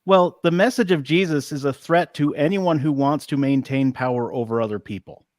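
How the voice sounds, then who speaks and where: A man's voice: on the high side, moderate pace, darkish tone, dry recording, studio quality. A man on a video call speaking earnestly about faith, in a preaching tone.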